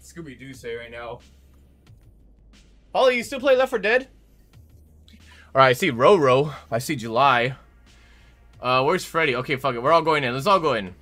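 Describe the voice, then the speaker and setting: Profane young male streamer, lively pitch. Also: moderate pace, long pauses, faint music behind. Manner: profane, chatty, reads chat aloud and shouts at teammates. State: sore and in pain from a hurt leg. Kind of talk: casual live-stream chat while gaming.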